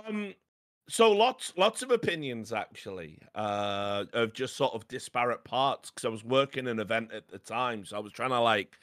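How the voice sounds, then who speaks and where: A male podcast co-host with a mid-pitched voice who trades jokes and quick interjections. He sounds dry and close to the mic. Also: expressive, a bit bright, no room sound. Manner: jokey banter with quick interjections. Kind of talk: casual chat.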